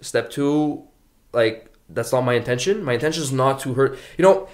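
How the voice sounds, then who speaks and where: A man chats as a guest on a casual podcast, relaxed and unhurried. He thinks aloud and searches for his words in a plain, mid-pitched voice. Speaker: podcast guest, internet comedian.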